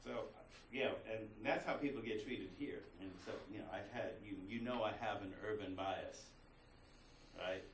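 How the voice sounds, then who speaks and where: Here a man with a fairly low voice teaches a college class at normal speed, keeping it conversational and full of rhetorical questions. It's a lecture captured from a distance in a roomy classroom, with a little background noise.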